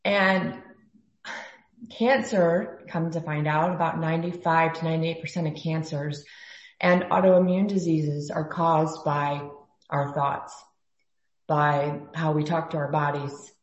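Earnest low-voiced woman on an echoey call. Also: fairly even intonation, slow, highs cut off. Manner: earnest, trailing off with fillers. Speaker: workshop participant. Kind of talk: sharing a personal story. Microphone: video call.

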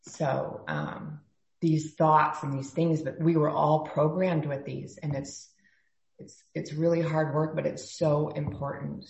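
A woman's voice: deep voice, steady tone, slow, creaky, a little mellow, echoey room. A woman in a group video call sharing a personal story earnestly, often trailing off into fillers. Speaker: workshop participant.

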